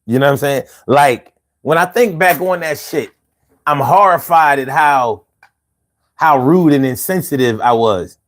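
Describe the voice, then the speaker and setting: Profane, animated man telling a story. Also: a little high, measured pace. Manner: profane, animated, slangy, self-mocking. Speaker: vlogger. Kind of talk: casual storytelling monologue.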